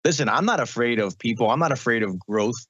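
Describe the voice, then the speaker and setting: A man who is a radio and podcast host, talking casually in an interview and telling animated stories. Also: mid-range voice, a little fast, dry recording, lo-fi sound. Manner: animated storytelling, mimics relatives.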